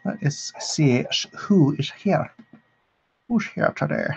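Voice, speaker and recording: A man's voice: fairly high pitch, takes it slowly, vocal fry, husky, lo-fi sound. A man hosting a drawing livestream, chatting casually with viewers and reading the chat aloud with amusement. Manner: relaxed, chatty, reads the chat aloud and laughs at it.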